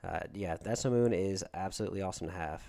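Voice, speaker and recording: Chatty Southern man, lowish voice. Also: fast, creaky, warm tone. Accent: Southern US (Georgia). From Georgia, USA. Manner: rambling and chatty, often thanking viewers. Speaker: livestream host. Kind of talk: casual livestream chat with viewers.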